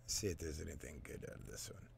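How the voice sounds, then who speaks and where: A man's voice: extremely low pitch, lively intonation, fast talker, gravelly, background noise. A man hosting a casual podcast, talking crudely and offhand while he plays back old footage. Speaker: podcast host. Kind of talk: casual chat over old video footage.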